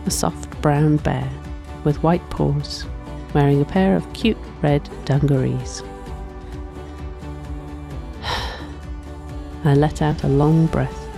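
A woman reads a first-person story aloud in a soft, reflective way, often sighing between lines. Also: sits low, fairly even intonation, measured pace, vocal fry, hardly any pauses, music in the background. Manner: soft, reflective, with frequent sighs. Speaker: narrator.

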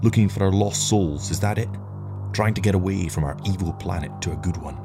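A man's voice: low voice, brisk, music in the background. A man voicing a tired, cynical older rocket captain who snaps impatiently at his lieutenant. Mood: weary, irritable. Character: weary, sharp-tongued older male rocket captain.

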